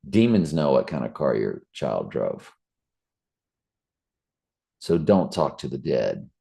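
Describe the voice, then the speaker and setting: Middle-aged man, very deep gravelly voice, slow earnest preachy talk. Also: big pitch swings, warm tone. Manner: earnest, preachy, with fillers and restarts. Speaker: Bible study channel host. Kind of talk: casual spoken reflection.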